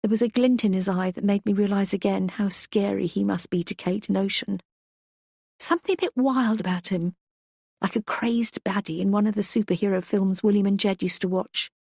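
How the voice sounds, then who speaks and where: A woman narrating a first-person audiobook in a measured, reflective way. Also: mid-range voice, steady tone, gravelly, darkish tone, no echo, clean studio sound.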